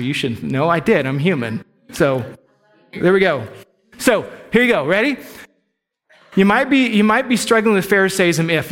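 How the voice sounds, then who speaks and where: In a church sanctuary, a middle-aged male pastor preaches a candid, conversational sermon, openly sharing his own struggles with the congregation. His voice is fairly high and sounds like it's in a large hall.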